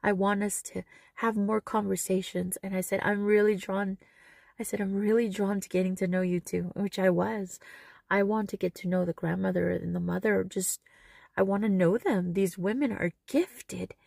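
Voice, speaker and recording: A woman's voice: mid-range voice, fairly even intonation, normal speed, creaky, darkish tone, no echo, studio quality. A middle-aged woman telling a personal story in a vlog, earnest and emotional as she retells conversations. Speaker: vlogger.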